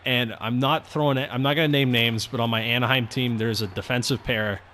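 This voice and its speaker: Young male gamer, bright and forceful, casual rambling commentary with excited outbursts, faint background noise. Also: mid-range voice, brisk. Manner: rambling, chatty, bursts of excitement at saves. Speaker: gaming commentator.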